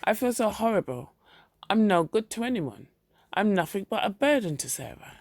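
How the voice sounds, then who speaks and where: A reader doing a flat, depressed husband. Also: medium pitch, no room sound, clean studio sound, pitched above the performer's own voice. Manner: slow flat monotone. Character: depressed middle-aged husband, flat and dull.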